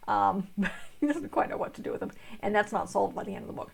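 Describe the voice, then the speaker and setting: A young woman reviewing a book in a rambling, casual way, sounding tired and yawning, with a gravelly, husky voice. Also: mid-range voice, fast. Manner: rambling, full of fillers and restarts.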